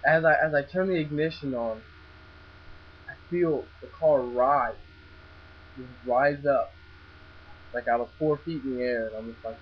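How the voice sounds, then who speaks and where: Speaking unhurriedly at a medium pitch with long pauses, a young man vlogging tells a casual story full of stammers, restarts and free swearing. Faint mains hum runs under the dull, lo-fi recording.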